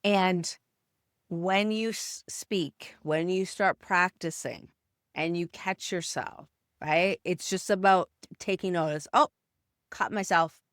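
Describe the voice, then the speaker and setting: A woman communication coach giving a motivational talk straight to the listener, with deliberate emphatic stresses. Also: fairly low pitch, fairly even intonation, clear, resonant tone, dry recording, studio quality.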